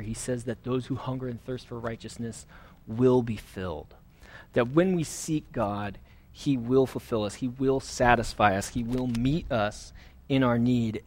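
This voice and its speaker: A man preaching a sermon as pastor, earnest and conversational, with fillers and restarts. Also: medium pitch.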